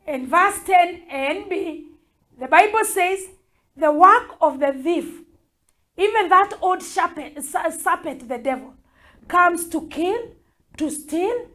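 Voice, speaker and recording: A woman bishop preaching a fervent prayer sermon, repeating her urgings. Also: very high-pitched. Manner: fervent, repetitive exhortation.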